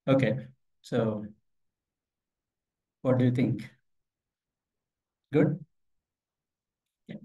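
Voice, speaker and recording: A man's voice: medium pitch, a little mellow. A man giving a live tech demo at a meetup, talking casually, telling anecdotes and asking the audience questions. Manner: conversational, tells anecdotes, asks the audience questions. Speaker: meetup presenter. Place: office meeting room. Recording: voice from far off the mic.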